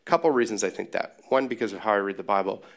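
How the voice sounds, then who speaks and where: Gravelly-voiced man preaching a casual sermon. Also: lowish voice, fast talker. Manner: casual, joking, sarcastic asides. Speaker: pastor.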